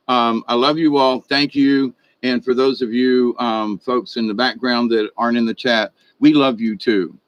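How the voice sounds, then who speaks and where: A man's voice: medium pitch, no echo, dull audio. A man hosting a spiritual livestream, reading chat comments in a rambling, folksy way full of fillers and restarts. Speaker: spiritual video host.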